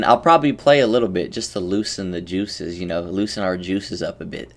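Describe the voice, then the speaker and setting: A man's voice: fairly low pitch, moderate pace, few pauses. A young man streaming and coaching a game, chatting casually with his viewers, rambling and joking as he greets them by name. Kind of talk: casual livestream chat.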